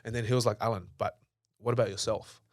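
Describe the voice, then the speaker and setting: A fast-talking young man from Australia, pitched fairly low with fairly even intonation, guests on a podcast as an entrepreneur. In this casual interview he swears a lot and loudly acts out arguments from the past.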